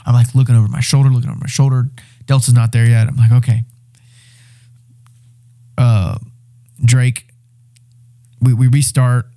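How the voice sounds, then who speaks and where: Mellow-voiced man telling an excited survival story. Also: medium pitch, moderate pace, long pauses. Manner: animated, excited retelling with swearing and restarts. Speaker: podcast guest, reality show winner. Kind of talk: casual storytelling.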